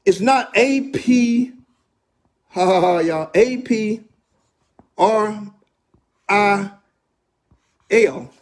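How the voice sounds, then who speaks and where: This man's voice is high-pitched, husky, and a little mellow. Talking straight to his audience on a laid-back livestream about fixing credit, he's forceful and keeps repeating points.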